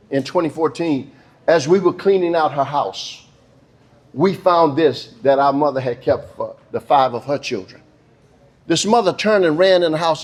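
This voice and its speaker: A middle-aged man, a police chief telling a folksy story to an audience. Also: a little high. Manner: folksy, addresses the crowd as y'all and baby. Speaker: police chief giving a speech.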